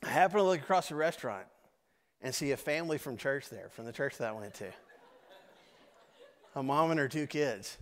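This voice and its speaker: A man's voice: medium pitch, animated, fairly quick, pauses often. A man, telling a personal story in a conversational sermon to his congregation, with asides to the audience. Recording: long hall reverb.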